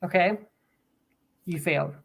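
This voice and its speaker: A woman chats casually on a live stream. She makes quick, teasing remarks between the others' stories. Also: fairly low pitch, gravelly. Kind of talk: casual chat.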